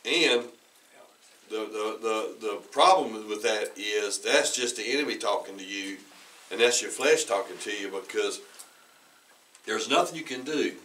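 Male pastor, conversational sermon, restarts and throat-clearing, bright tone, mic at a distance. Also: medium pitch, normal speed. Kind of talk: sermon with personal storytelling. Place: church sanctuary. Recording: bright voice heard from away from the mic.

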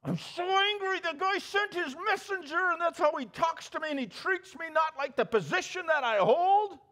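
A preacher voicing an indignant proud army commander. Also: male voice, very high-pitched, animated, moderate pace, sharp tone, pitched above the performer's own voice, full character voice. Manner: first-person role-play, indignant. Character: proud angry male army commander, middle-aged.

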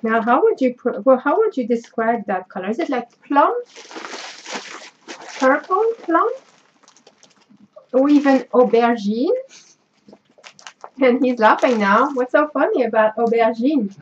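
Slow, gushing French-accented woman. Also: high voice, lively intonation, muffled recording, slight background noise. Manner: effusive, sentimental, gushing thanks. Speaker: craft vlogger. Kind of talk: casual unboxing chat.

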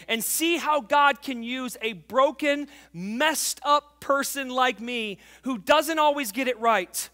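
A man in his forties preaching a sermon as pastor, fervent and emphatic, telling a family story and dropping to quiet intimacy. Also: very high-pitched, slow pace, few pauses. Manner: tells a family story, acting out the voices.

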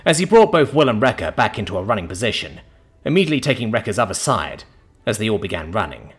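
A man reading a science fiction story aloud as narrator, in dramatic, expressive storytelling. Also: on the low side, fairly quick, slightly rough, soft background music. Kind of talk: scripted narration.

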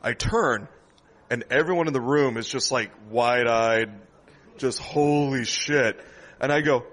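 Husky man telling a bar story. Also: medium pitch, unhurried. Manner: animated storyteller, laughs often, acts out voices. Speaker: stand-up comedian. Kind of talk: storytelling after-show chat. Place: comedy club after the show.

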